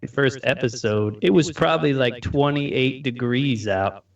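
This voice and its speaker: A man's voice: mid-range voice, a little slow, creaky, recorded from a distance. An easygoing man chats as a podcast guest, rambling a little and laughing often. His voice sounds set back from the mic and dull, like remote audio. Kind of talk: casual chat.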